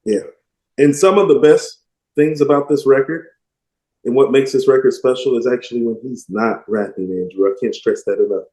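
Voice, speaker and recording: A man's voice: mid-range voice, moderate pace. Emphatic man in an echoey room. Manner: animated, emphatic, quotes lyrics with relish. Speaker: podcast co-host. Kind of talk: casual music discussion. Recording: roomy echo.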